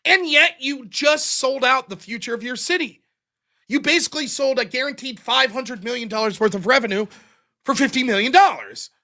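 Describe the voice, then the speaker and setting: Blunt, profane high-voiced man in his forties. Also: moderate pace. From United States. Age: 40s. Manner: blunt, profane, animated with acted-out quotes. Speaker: call-in show host. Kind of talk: casual political monologue.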